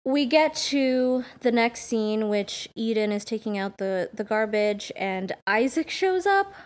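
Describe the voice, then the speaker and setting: A woman's voice: on the high side, lively intonation, unhurried. A woman hosting a podcast, chatting casually through a TV episode recap and thinking aloud as she goes. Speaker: podcast host.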